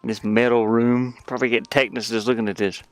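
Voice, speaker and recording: A man's voice: mid-range voice, flat delivery, fast talker, no room sound. A man casually commenting while he plays his own game, rambling in mumbled asides.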